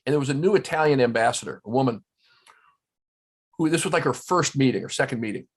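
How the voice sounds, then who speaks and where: A man telling stories in casual conversation as a guest at a round-table talk, animated and full of restarts. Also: mid-range voice, fast talker, slightly rough. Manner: storytelling, animated, many restarts. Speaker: guest, former ambassador. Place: indoors, round-table discussion.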